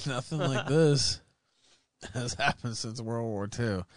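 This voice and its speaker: A man hosting a casual podcast, talking in a profane, excitable, sarcastic way. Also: mid-range voice, slow pace, dry recording, studio quality. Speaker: podcast host. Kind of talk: casual live-stream commentary.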